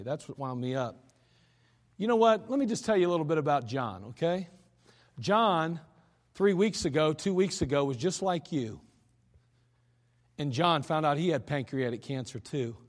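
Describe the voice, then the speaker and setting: In an echoey church hall, a pastor with a slightly high voice preaches a sermon at a moderate pace with lively intonation. He sounds earnest and emphatic while keeping a conversational tone.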